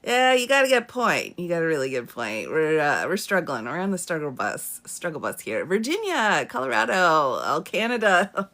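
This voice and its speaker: A woman attorney hosts a live question-and-answer stream, chatting casually as she reads comments, greets viewers by name, and laughs often. Her voice is on the low side and a bit bright, with big pitch swings at normal speed, picked up by a phone or webcam.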